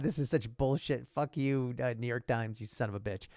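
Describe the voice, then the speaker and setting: A man co-hosting a casual podcast, talking in an animated way, swearing freely and laughing often. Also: mid-range voice, brisk, no echo, clean studio sound. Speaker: podcast co-host.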